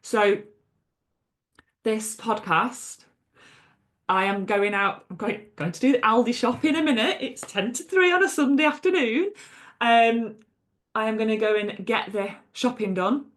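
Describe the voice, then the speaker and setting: A woman's voice: a little high, measured pace. A woman hosting her own podcast as a coach, talking unscripted, chatty and emphatic, with lots of fillers and blunt swearing. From England. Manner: chatty and emphatic, frequent fillers and "okay?" asides. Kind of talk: unscripted solo podcast monologue.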